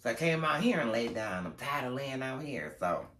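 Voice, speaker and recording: A man's voice: mid-range voice, big pitch swings, normal speed, fairly bright tone, reverberant. A man chatting casually to camera at home as a lifestyle vlogger, rambling from one story to the next.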